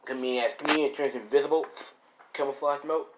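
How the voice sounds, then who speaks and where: A man's voice: mid-range voice, steady tone, quick pace, background noise. A young man improvising a fan-fiction story, rambling and casual, swearing often and full of fillers.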